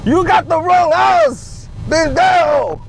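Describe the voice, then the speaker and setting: A man's voice: very high voice, unhurried, gravelly, slight background noise, voice pushed up, full character voice, low-quality recording. A man voicing an indignant Mexican homeowner who draws out his words.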